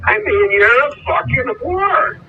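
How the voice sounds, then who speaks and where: Very high-voiced man with crude comebacks. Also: big pitch swings, takes it slowly, lo-fi sound, soft background music. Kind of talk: heated argument. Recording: noisy recording.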